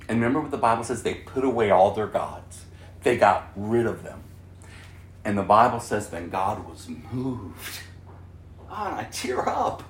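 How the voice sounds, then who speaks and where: A pastor preaching an impassioned, emphatic sermon, dropping to a hush and then rising to loud. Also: male voice, mid-range voice, echoey room, recorded from a distance, slight background noise.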